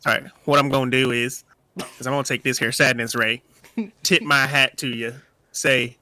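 A man's voice: medium pitch, little pitch movement, moderate pace, bright, forceful tone, a little hiss or hum. A man voicing a ruthless, boastful cowboy with a Southern US accent in a party role-play game. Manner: drawling, boastful trash talk.

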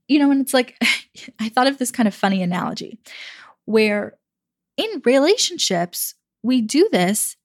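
A woman's voice: fairly high pitch, no room sound, studio quality. A young adult woman giving dating advice in a chatty, casual monologue, often acting out what people say. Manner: chatty, acts out quoted voices, fillers like "you know". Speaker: dating coach.

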